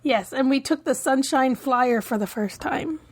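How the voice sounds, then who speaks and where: A woman's voice: high voice, unhurried. A woman co-hosting a podcast from Canada, chatting casually, often laughing and trailing off mid-sentence. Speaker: podcast co-host. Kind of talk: casual chat.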